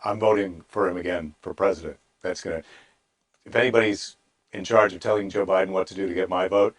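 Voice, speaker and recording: A man's voice: sits low, fairly even intonation, brisk. A middle-aged man, a comedian hosting a daily show, reading a Bible story aloud and breaking off into wry, rambling asides.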